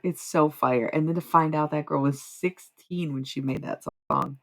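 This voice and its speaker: A woman streaming live, chatting casually and profanely with her viewers, rambling between quiet musing and loud bursts. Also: low-pitched, moderate pace. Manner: rambling, profane, talks to chat.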